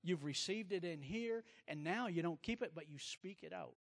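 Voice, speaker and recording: A man's voice: fairly high pitch, normal speed. A man preaching a sermon, telling personal stories with emphatic repetition. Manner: animated storytelling, emphatic repetition.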